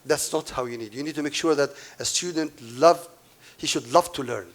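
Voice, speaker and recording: A man's voice: a little high, a little fast. A man delivers a conference keynote in a somewhat raised voice. He is emphatic, stacks up points and repeats the ones that matter most. He breaks off now and then to address the audience directly. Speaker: keynote speaker.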